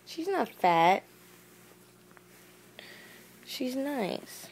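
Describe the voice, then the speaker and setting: A woman talks slowly to her dogs and cat in a home video, her voice a little high with a gravelly fry. She teases them playfully, slipping into baby talk, recorded on a handheld camera in a room at home. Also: big pitch swings, darkish tone, slight background noise. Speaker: pet owner filming her pets. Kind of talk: casual chat to pets and friends.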